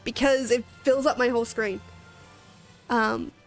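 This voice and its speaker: A woman's voice: fairly high pitch, steady tone, a little slow, soft background music. A young Australian woman streaming a game, rambling chattily, laughing often and swearing casually. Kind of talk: casual gaming stream chat.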